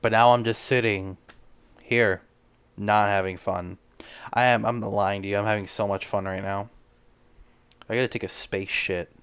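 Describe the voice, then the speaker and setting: A man with a low, smooth voice rambles through a jokey podcast monologue, tripping over his words and swearing freely. His tone stays loose and comedic as he riffs on his own nonsense. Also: fairly even intonation, moderate pace, long pauses, a bit bright. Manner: rambling, stammering, crude. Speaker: podcast host.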